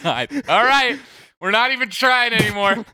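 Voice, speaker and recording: A man with a high, bright voice riffs jokes on a casual podcast. His tone is smooth and crisp, recorded close and dry, and he breaks into laughter often. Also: normal speed, dry recording. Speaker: podcast co-host. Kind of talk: casual comedic chat.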